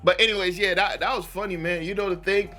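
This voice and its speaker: A man hosts a reaction video, chatting casually in slangy talk and laughing often. His voice is high and bright. Faint music plays underneath. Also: steady tone, fast talker. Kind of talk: casual chat.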